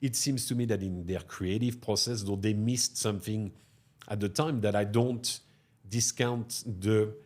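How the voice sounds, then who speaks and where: Middle-aged french guy in the restaurant biz, kinda low voice, keeps going "no?" at the end of stuff. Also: measured pace. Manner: animated, tags sentences with "no?" and "huh?". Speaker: restaurateur guest. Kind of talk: storytelling interview talk.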